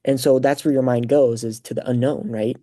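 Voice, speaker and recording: A man's voice: medium pitch, fairly quick. A young man hosting a podcast, telling a personal story in a casual, rambling way full of fillers. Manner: rambling, filler-heavy, animated retelling. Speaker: podcast host.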